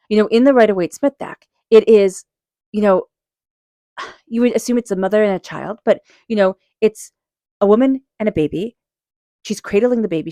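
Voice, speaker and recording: A woman talks through a tarot reading in a relaxed, earnest way, encouraging the listener and circling back with repeated phrases and fillers. Her voice sits at a middle pitch. The recording is dry and close, with no room sound. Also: no echo. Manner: quiet repeated chanting while shuffling. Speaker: tarot reader. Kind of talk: casual spoken tarot reading.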